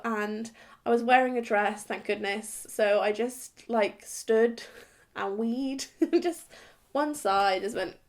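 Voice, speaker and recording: A young adult woman vlogger from England telling a story to camera in a casual, giggly, self-mocking way. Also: on the high side.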